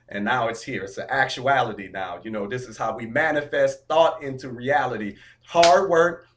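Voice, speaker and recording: A man's voice: fairly high pitch, brisk, hardly any pauses, a bit bright. Upbeat motivational man telling a story. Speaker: vlogger. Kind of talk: casual vlog update.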